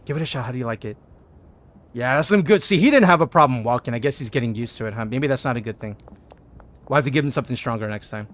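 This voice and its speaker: Lively streamer man chatting playfully. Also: mid-range voice, fast talker. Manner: playful, chatting with game characters, bursts of loud excitement. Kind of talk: casual gameplay commentary.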